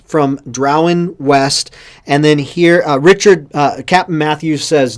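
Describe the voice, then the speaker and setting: A man's voice: on the high side, a little slow. A man in his thirties hosting a casual show, upbeat as he reads out viewer comments. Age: 30s. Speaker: show host.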